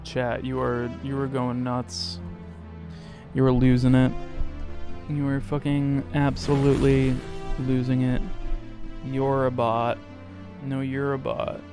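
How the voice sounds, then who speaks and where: A man live-streaming a game, joking crudely with chat, rambling and suddenly shouting or squealing. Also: medium pitch, little pitch movement, slow, pauses often, music in the background.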